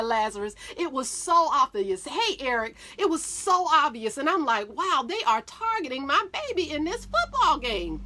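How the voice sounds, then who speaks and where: A middle-aged woman, telling a story about her son to her viewers in a folksy, animated way. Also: fairly high pitch. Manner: folksy Southern-style talk, addresses viewers as y'all.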